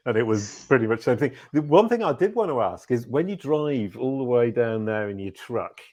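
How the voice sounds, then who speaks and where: Fifties male guest, faint Yorkshire twang, mid-pitched, lively and self-deprecating. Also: a little fast. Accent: slight Yorkshire. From Yorkshire, England. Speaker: podcast guest. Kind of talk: casual interview chat.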